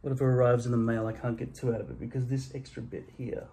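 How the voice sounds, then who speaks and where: A man's voice: medium pitch, fairly even intonation, fast, dark tone, slightly rough, poor audio. An exhausted, sleep-deprived man, ranting profanely and putting himself down in a rambling self-recorded vlog on a handheld phone. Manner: profane, self-deprecating, mumbling asides. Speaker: vlogger.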